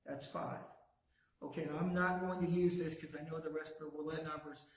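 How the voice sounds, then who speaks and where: A man leading a language class, saying words slowly and patiently for his students to repeat. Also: fairly high pitch, fairly even intonation, slight background noise. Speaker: language teacher. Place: classroom, also streamed to a video call. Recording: very echoey room.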